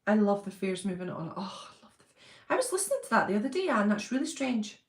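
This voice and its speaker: A woman's voice: medium pitch, sing-song, quick pace. Chatty woman in a roomy echo. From Britain. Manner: chatty, laughs often, reads out viewer comments. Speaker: channel host reading live chat. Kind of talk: casual live-stream chat.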